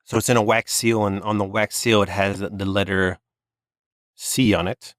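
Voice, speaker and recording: A man's voice: lowish voice, steady tone, dry recording, studio quality. A man narrating a tabletop game as dungeon master, often restarting and filling with "like". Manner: halting narration with restarts and fillers.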